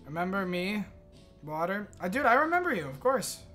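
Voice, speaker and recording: Bright-voiced excitable young male streamer. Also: high voice, normal speed, soft background music. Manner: excitable, swears, thanks chat often. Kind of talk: live gaming stream chatter.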